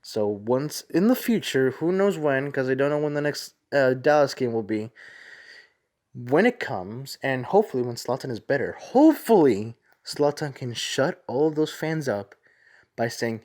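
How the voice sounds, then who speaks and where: A man's voice: mid-range voice, very animated, normal speed, darkish tone. A man hosting a casual soccer review show, talking in a rambling, chatty way and often correcting himself. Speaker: host.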